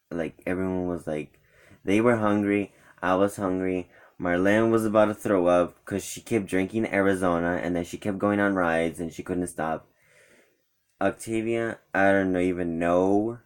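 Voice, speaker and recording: A young man telling a rambling, animated story about a day out with friends in a casual vlog, acting out what his friends said. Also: sits low. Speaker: vlogger.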